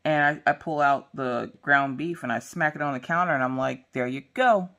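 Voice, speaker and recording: A woman vlogging about diamond painting, chatting casually as she works and telling stories in a lively, slangy, playful way. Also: extremely low pitch, normal speed. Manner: acts out quotes in changing voices. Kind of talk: casual chat while crafting.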